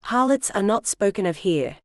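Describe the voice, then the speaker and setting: A man's voice: sits high, sing-song, moderate pace, dry recording, studio quality. A synthetic woman's voice reading a smug scheming librarian. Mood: smug polite. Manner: oily polite, smug. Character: smug scheming male librarian, falsely polite.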